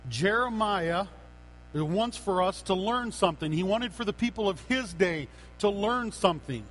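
A man preaching a sermon as a pastor, earnest and unhurried, with frequent fillers and restarts. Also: sits high, animated, fairly bright tone, slight background noise, low-quality recording.

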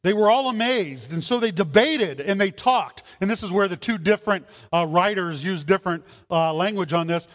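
High-voiced pastor preaching in a reverberant hall. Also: male voice. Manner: animated, acts out voices in his stories. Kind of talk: sermon.

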